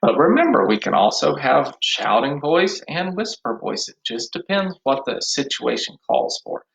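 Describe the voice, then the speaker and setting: A man teaching an online music lesson to young children, speaking gently and encouragingly. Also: on the high side, big pitch swings, unhurried, creaky, slightly rough. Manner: gentle, encouraging, sings simple songs with kids. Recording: roomy, slightly dull home video audio.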